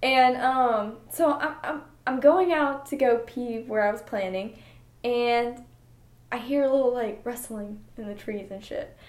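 A young woman co-hosting a casual podcast, telling a story in an animated way and swearing freely. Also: on the high side, measured pace. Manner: animated, swears a lot, acts out her own story. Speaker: podcast co-host. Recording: echoey room.

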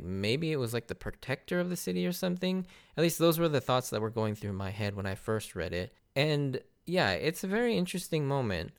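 A man giving a casual, animated recap of an anime arc, laughing often and acting out characters' lines. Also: medium pitch, clean tone. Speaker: anime reviewer.

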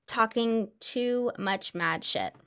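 A woman's voice: a little high, slow, clear, resonant tone. A woman casually telling a ghost story to friends, acting out the quoted voices as she goes. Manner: animated, acts out quoted voices. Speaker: podcast co-host telling a story.

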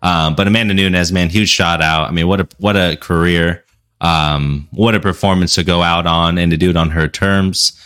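Deep, bright-voiced man hyping fighters. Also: steady tone, moderate pace, clear, resonant tone. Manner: enthusiastic, hyping, emphatic. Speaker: podcast co-host. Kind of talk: casual chat.

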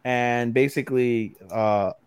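A man co-hosts an anime podcast, recapping episodes in loose, rambling, profane banter and acting out characters' lines as he goes. His mid-range voice holds a steady tone at an unhurried pace. The sound is clean, with no room echo.

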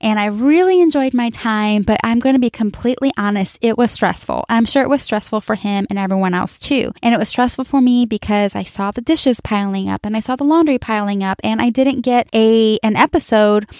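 A woman's voice: a little high, fairly quick, few pauses, darkish tone, no room sound, clean studio sound. A woman in her forties hosting a podcast, telling a personal story candidly and chattily, with fillers and asides to her listeners. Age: 40s. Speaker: podcast host.

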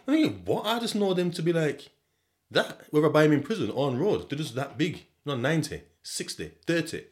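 A man's voice: a little high, very animated, moderate pace. A young man, hosting a podcast in a rambling, slangy, swear-filled chat and laughing often. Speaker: podcast host. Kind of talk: casual solo podcast chat.

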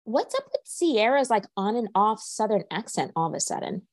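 A chatty woman co-hosting a relaxed podcast, giggling as she talks. Her voice sits at a middling pitch and is recorded close and dry, with no room sound around it. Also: normal speed, no room sound. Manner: chatty, giggly, animated retelling. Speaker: podcast co-host. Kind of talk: casual chat.

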